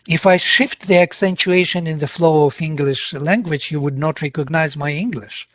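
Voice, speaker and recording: A man lectures as a guest linguist on a video call, explaining step by step. He checks that his listeners follow him. His voice sits a little high, and the sound is dry and close with no room echo. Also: moderate pace, a bit bright. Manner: explanatory, checks understanding with "yeah?". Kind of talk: lecture answer on an online call.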